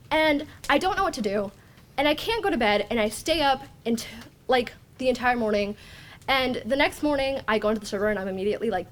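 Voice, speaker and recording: A woman's voice: a little high, animated, fast, a little hiss or hum. Rambling teenage girl telling a story. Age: teens. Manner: rambling, self-deprecating, quotes her own thoughts. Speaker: student storyteller. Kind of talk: story slam personal story.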